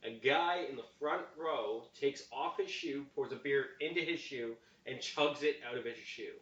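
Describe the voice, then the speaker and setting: A man's voice: mid-range voice, normal speed. A young man from Canada co-hosting a podcast, telling stories in a casual, ranting way. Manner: animated storyteller, ranting. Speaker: podcast co-host. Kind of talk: casual chat. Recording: echoey room, distant muffled mic.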